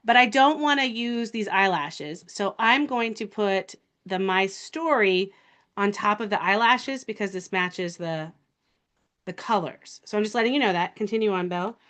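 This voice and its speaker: A woman hosting a livestream, chatting casually while she works on a craft, her words trailing off quietly as she focuses. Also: mid-range voice, moderate pace. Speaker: livestream host.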